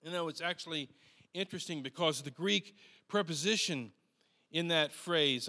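A man preaching a sermon in an earnest, unhurried way, often restarting and repeating words as he goes. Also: on the high side, animated, sharp tone, in a large hall.

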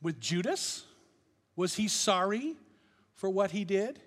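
Man, pastor, impassioned sermon, loud to hushed swings, long hall reverb. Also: high voice, lively intonation, takes it slowly.

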